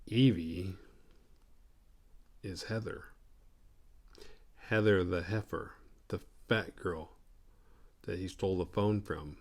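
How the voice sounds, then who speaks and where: A man's voice: low voice, slow, long pauses, darkish tone. A man hosting a podcast, recapping a horror movie casually with a lot of swearing and acting out the characters. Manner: profane, rambling, acts out the characters. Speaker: podcast host.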